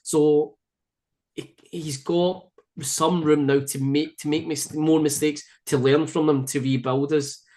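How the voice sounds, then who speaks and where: A man's voice: fairly high pitch, level tone, slow, dark tone. A man from Scotland with a Glasgow-area accent, chatting easily as a podcast guest with many fillers and restarts. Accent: Scottish, Glasgow area. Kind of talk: casual chat.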